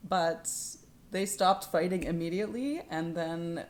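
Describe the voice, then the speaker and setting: Low-voiced woman giving a tarot reading. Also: unhurried. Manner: soft-spoken, drifting into whispers; lively and laughing when telling stories. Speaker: tarot reader. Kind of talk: spiritual tarot reading vlog. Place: home in Canada.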